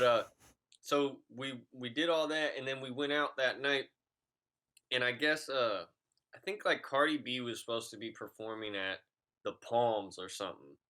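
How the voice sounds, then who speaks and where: A man's voice: medium pitch, sharp tone. A young man co-hosting a podcast, telling a story in a laid-back, profane, rambling way. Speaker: podcast co-host. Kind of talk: casual chat, storytelling.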